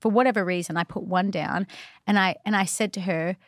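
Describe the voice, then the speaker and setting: A woman's voice: mid-range voice, fairly quick, dry recording, studio quality. A woman telling a personal faith story in casual conversation, chatty and earnest, full of "like" and "you know". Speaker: guest.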